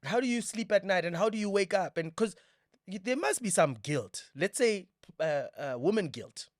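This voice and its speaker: A man's voice: high voice, lively intonation, moderate pace, dry recording, studio quality. A South African man in his thirties hosting a casual podcast chat, playful and slangy, given to joking asides. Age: 30s. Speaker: podcast host.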